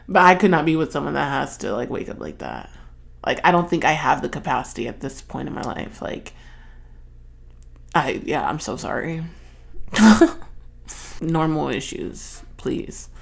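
A young adult woman hosting her own podcast, chatting casually and expressively, swearing and jumping high when acting out stories. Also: gravelly. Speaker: podcast host. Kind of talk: casual solo chat.

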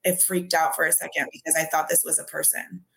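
A woman's voice: low voice, flat delivery, fast, gravelly, fairly bright tone. Woman, casual podcast guest, chatty, lots of "like", laughs a lot, video call audio. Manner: chatty, peppered with "like", laughs often. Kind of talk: casual chat.

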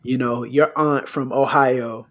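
A man hosting a casual conversation, telling a personal story in an animated way. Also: mid-range voice, slow pace.

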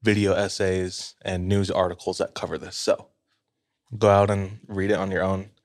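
A man co-hosting a casual podcast, telling a story in a relaxed, hedging way and laughing often. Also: deep voice, moderate pace, dry recording, clean studio sound. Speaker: podcast co-host.

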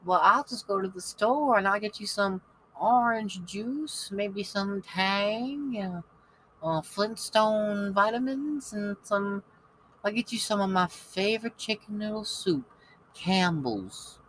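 A man voicing a sweet, hospitable elderly Southern woman, in a high, slow, doting tone. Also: pushed and bright, slight background noise, heavily acted.

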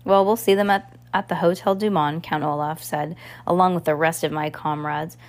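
A woman's voice: low voice, steady tone, normal speed, natural voice. A woman voicing a scheming, greedy villainous male count in a storybook reading, with a snarling, gloating delivery.

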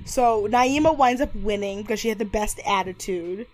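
A young woman co-hosting a casual recap chat, animated, acting out quotes in high voices and swearing freely. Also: moderate pace. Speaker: podcast co-host.

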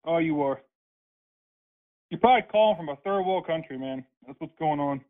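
A man's voice: fairly high pitch, animated, normal speed. A man on a phone call, ranting angrily and hurling profane insults. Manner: angry, profane, insulting rants. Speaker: prank call target. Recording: tinny phone line.

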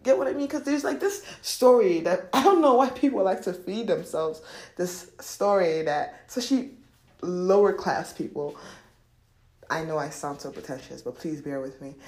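A lively woman podcast host talks about money and spirit in a loose, slangy, profane way, her pitch swinging widely as she laughs and acts out little voices. Her voice rings in a roomy, echoey space. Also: moderate pace. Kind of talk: casual spiritual money talk.

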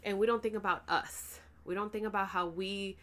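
A woman vlogger talks casually to her viewers, animated and blunt, with casual swearing. She is pregnant and tired, and her voice sits at a middling pitch. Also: normal speed. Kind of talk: casual chat to camera.

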